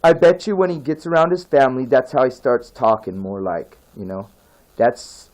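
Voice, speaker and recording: A man's voice: mid-range voice, normal speed, a little mellow, rough recording. A man from California in a casual video rant, rambling, accusing and repeating himself.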